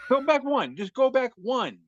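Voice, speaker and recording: A laid-back man co-hosting a podcast, presenting memes with salty, self-deprecating humor. His voice sits at a middle pitch, and the recording sounds dry and a little dull. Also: big pitch swings, moderate pace, no room sound. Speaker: podcast co-host. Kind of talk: casual chat presenting memes.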